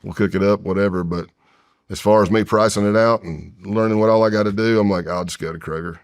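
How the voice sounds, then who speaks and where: A man's voice: fairly low pitch, fairly even intonation, fast talker. A man in his fifties from the United States, a podcast guest telling a long personal story in a candid, rambling way with frequent restarts. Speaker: podcast guest, retired federal agent. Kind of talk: casual storytelling in a long-form interview.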